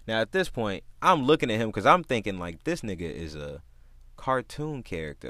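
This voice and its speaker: A man telling a profane, exasperated story in a casual, animated way. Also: low-pitched, fairly quick, no room sound.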